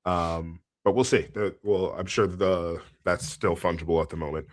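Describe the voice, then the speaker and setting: A man with a deep, low-pitched voice co-hosts a casual sports podcast. He rambles through his points with plenty of ums and breaks into laughter often. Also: steady tone, moderate pace. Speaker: podcast co-host. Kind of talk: casual chat.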